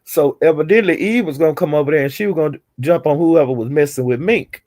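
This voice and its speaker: A woman's voice: low voice, fast, mellow. A woman streamer casually retelling online drama, chatty and acting out the quotes with chuckles. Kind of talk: casual gossip storytelling.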